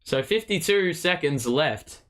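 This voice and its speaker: A man calls a game as a partisan fan, his fairly high voice rising into excited shouts on big plays and dropping low and muttered in lulls. He swears freely and talks straight into a desk mic. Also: unhurried. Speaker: host of a fan watchalong stream. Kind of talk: fan play-by-play commentary.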